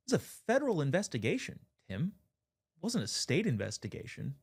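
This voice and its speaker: A man's voice: a little high, huge pitch swings, fairly quick, breathy edge. A man hosting a political commentary show, delivering a sarcastic monologue with wry asides. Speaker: host.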